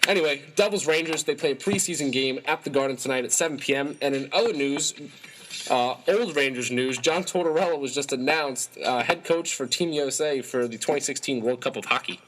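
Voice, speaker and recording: A man's voice: mid-range voice, brisk, noisy background. A young man co-hosting a college radio sports show in a casual, chatty, upbeat way.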